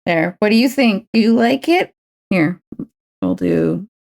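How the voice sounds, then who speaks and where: A woman's voice: mid-range voice, expressive, measured pace, creaky, a little mellow. A woman streaming while she paints a miniature, chatting casually and playfully, cooing baby talk at her pet. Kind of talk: casual chat while crafting.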